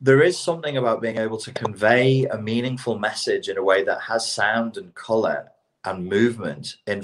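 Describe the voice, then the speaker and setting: A middle-aged British man co-hosting a casual podcast, talking in an animated, ranting way and swearing freely. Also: fairly low pitch. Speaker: podcast co-host.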